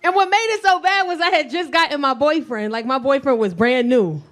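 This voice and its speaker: A woman's voice: high voice, brisk, fairly bright tone. A woman in her forties telling stand-up stories in a brash, crude way, often laughing at her own jokes. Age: 40s. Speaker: stand-up comedian. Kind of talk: stand-up comedy storytelling.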